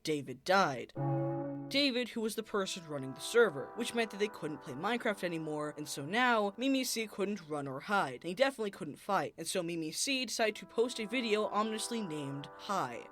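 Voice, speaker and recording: A narrator telling an absurd internet story in a deadpan, mock-serious documentary manner. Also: mid-range voice, fairly quick, soft background music.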